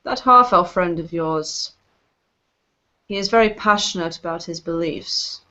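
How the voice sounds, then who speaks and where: A woman voicing a cool, imperious elf high matron who speaks in a formal, deliberate way. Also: sharp tone. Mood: probing. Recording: dull lo-fi recording.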